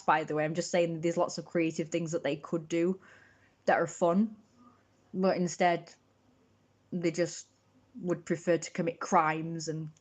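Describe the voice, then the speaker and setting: Rambling woman livestreaming on a phone. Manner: rambling, mock-grandiose, swings into loud high-pitched outbursts. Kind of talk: casual livestream monologue.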